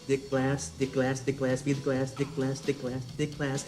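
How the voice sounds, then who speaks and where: A man's voice: mid-range voice, monotone, moderate pace, a little mellow, lightly acted. An actor playing a man in a bar who tells a long crude joke, swearing and laughing at his own punchline. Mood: boisterous. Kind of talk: film dialogue. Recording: film audio clip with music behind. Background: music.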